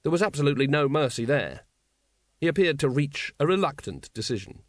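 A man reading a story aloud as an audiobook narrator, in a steady storytelling manner. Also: fairly high pitch, a little fast, no room sound, clean studio sound. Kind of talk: scripted narration.

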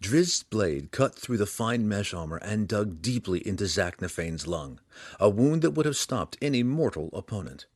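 A man with a lowish voice reads a fantasy novel aloud, his pitch rising and falling in a lively, dramatic way. The delivery is scripted and expressive. The recording is dry and close, with no room sound. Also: moderate pace, no room sound. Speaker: audiobook narrator.

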